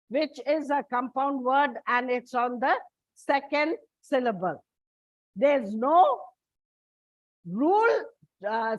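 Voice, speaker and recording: A woman teacher with an Indian English accent gives an exam coaching lecture in a high voice. She talks slowly and patiently, addressing her students as children. The recording is dry and a little dull. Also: no room sound.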